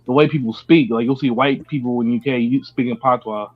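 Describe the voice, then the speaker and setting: A man's voice: medium pitch, steady tone, brisk, phone-quality sound. A man in casual group chat, rambling and filling his talk with "like". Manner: rambling, full of "like".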